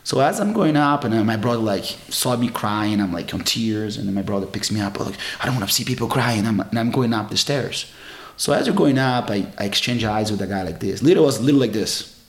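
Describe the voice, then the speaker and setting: A middle-aged jiu-jitsu champion, appearing as a guest in a casual interview, recounts stories from his martial arts career. His voice sits fairly low and sounds animated, moving a little fast in an echoey room, and he rambles with lots of fillers and restarts.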